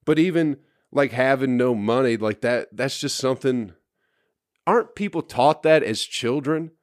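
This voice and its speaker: A man's voice: medium pitch, lively intonation, normal speed, no echo, clean studio sound. A man hosting his podcast alone, hungover and ranting in a profane, exasperated, rambling way that circles back to the same complaints. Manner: rambling, repeats himself. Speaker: podcast host. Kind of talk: solo podcast rant.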